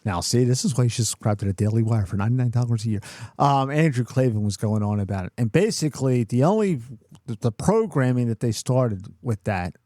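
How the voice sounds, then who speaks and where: A man's voice: medium pitch, lively intonation, a little fast, dark tone, dry recording, clean studio sound. A middle-aged man co-hosting a podcast, telling a workplace story in a cursing, ranting way. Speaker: podcast co-host. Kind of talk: casual chat.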